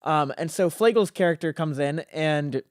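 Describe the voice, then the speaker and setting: A man's voice: a little high, moderate pace, no echo, studio quality. A teenage man, a podcast guest, telling a rambling story in casual chat with plenty of filler words. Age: teens.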